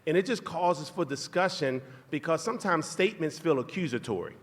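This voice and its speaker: A man co-hosting a live podcast, telling a relationship story to an audience in a playful, animated way. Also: on the high side, brisk, a little hiss or hum. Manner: animated, playful storytelling with self-mocking asides. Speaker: podcast co-host. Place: live show venue in a large hall. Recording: live hall recording with long reverb.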